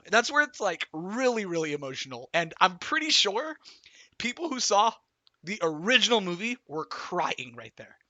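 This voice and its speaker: Male streamer, high bright voice, excitable rambling recap, sweary, dry close sound. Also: moderate pace, no echo. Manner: animated, swears a lot, rambling with restarts. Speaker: streamer reviewing a film. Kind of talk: excited casual movie recap.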